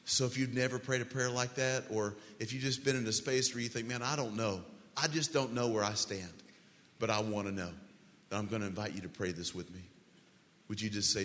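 A man preaching a sermon as pastor, earnest and pleading, slowly leading the congregation through a prayer. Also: fairly low pitch, fairly bright tone. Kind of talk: sermon altar call. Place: large church hall. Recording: long church hall reverb.

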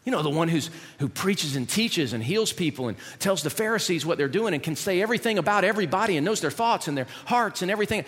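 Speaking fast and animatedly with hardly any pauses, a male pastor preaches a conversational sermon packed with rhetorical questions. His slightly higher, somewhat bright, husky voice rings out with the long reverb of a church hall.

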